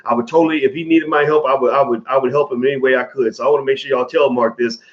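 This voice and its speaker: A man's voice: medium pitch, fairly even intonation, racing, dull audio. A man in his forties giving casual, rambling commentary straight to his viewers, swearing freely.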